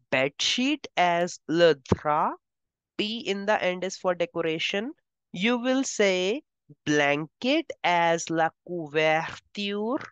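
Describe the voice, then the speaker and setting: A woman teaching French vocabulary, speaking slowly and carefully and repeating each word twice. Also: medium pitch, clear, resonant tone, no room sound, dull audio. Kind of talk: vocabulary lesson.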